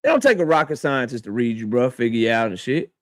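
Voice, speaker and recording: A man's voice: medium pitch, sing-song, fast talker, fairly bright tone, no room sound, studio quality. A man hosting a boxing channel, delivering a confrontational, profane commentary rant aimed straight at his target and repeating his points for emphasis. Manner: addresses his target directly.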